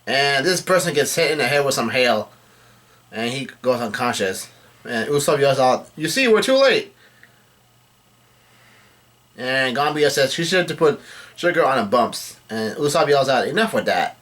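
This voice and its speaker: Man, casual chapter recap, halting and self-correcting, reads character lines plainly, mid-pitched voice. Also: fairly bright tone. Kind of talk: casual chapter read-through.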